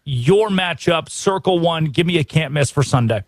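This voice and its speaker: American male sports radio host, high-ish voice, punchy and opinionated, dry studio sound. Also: moderate pace, no echo. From United States. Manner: energetic, opinionated, rhetorical questions. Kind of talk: sports talk show.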